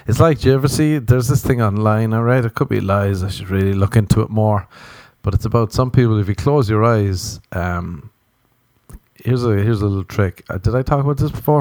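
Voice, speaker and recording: A young Irish man hosts a podcast, spinning crude, jokey comic stories that wander off on tangents in a rambling monologue. His voice sits on the low side, a little mellow, and he talks a little fast. The recording is dry.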